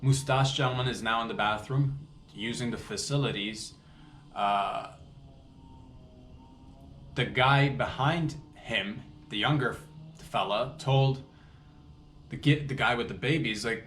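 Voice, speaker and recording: A man's voice: mid-range voice, measured pace, long pauses. A man in a middle register tells a comedic story as a podcast host, restarting sentences and acting out what others said. His voice rings in an echoey room with a faint hiss underneath. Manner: animated retelling with restarts and acted-out quotes.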